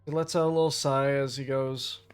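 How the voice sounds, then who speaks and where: A man's voice: mid-range voice, fairly even intonation, fairly quick, clear, resonant tone, faint music behind. A man running a tabletop game as game master, narrating casually with fillers.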